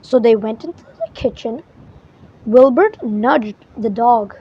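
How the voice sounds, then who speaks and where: A woman reading a children's storybook aloud in an expressive way, with small slips and restarts. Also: a little high, slow, husky. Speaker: storybook reader. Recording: muffled lo-fi recording.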